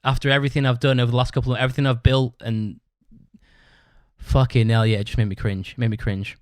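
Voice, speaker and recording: A man's voice: medium pitch, little pitch movement, fast, no room sound. A young British man hosting his own podcast, telling a rambling, sweary story in a casual way and laughing as he talks. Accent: British English. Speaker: podcast host.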